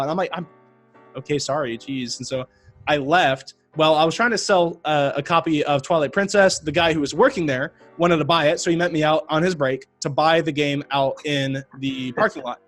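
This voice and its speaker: A man tells a long, rambling story as a podcast guest, full of fillers and quick asides. His voice sits a little high for a man. Faint music plays quietly in the background. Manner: rambling, animated retelling with frequent fillers. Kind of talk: casual storytelling.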